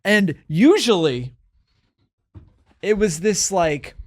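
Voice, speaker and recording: A comedian with a neutral American accent, chatting and telling rambling stories on a podcast, gregarious and full of fillers. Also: male voice, high-pitched, animated, slow. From United States. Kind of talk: casual storytelling chat.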